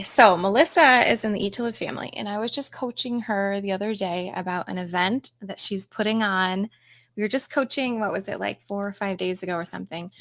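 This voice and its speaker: A middle-aged woman, a coach, hosts a casual livestream from home in a medium-pitched, slightly bright voice. She chats with viewers, filling her talk with lots of ums and laughs.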